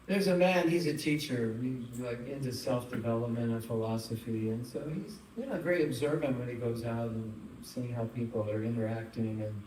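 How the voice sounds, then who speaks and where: A spiritual teacher gives a chatty, engaging talk to a live audience, asking the room questions and telling funny stories. His medium-pitched, darkish voice moves at normal speed with few pauses, recorded in a roomy hall on a distant mic with faint noise.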